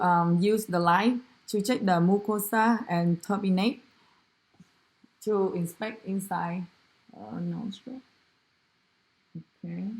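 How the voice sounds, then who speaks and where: A woman with a Vietnamese first language, narrating a clinical exam demonstration as a student, halting, with many fillers and self-corrections. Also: mid-range voice.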